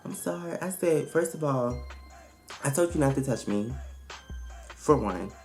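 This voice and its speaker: A woman vlogger telling a storytime in a casual, blunt and profane way, animated and emphatic as she retells it. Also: rumbling low, a little slow, faint music behind.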